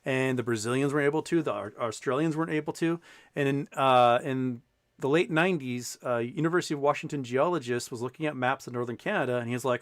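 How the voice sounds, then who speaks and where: A man's voice: medium pitch, fast, no room sound, studio quality. A man hosting a podcast, telling a long story in casual chat and acting out the people in it, with many restarts. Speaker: podcast host.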